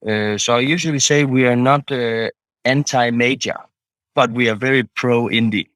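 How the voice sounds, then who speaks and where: Man, founder type, interview guest; hesitant, lots of restarts, dry close sound, mid pitch. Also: normal speed, fairly bright tone, dry recording, low-quality recording. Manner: hesitant, many restarts and fillers. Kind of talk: casual interview talk.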